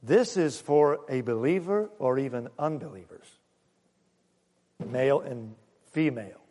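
Animated preaching man in echoing hall. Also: medium pitch, a little slow, slight background noise. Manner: lively, joking, emphatic preaching with audience asides. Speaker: pastor. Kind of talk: sermon. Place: church sanctuary. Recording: long reverb of a church hall.

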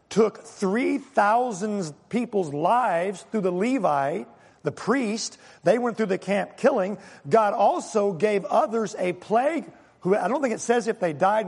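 A man's voice: sits high, animated, takes it slowly, husky, in a large hall. A male pastor preaching a sermon, emphatic and fond of rhetorical questions to his congregation.

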